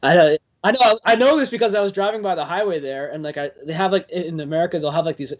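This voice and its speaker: Rambling young man telling stories. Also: a little high. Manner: rambling, filler-heavy, animated with quick bursts. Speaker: podcast guest. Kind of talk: casual storytelling chat.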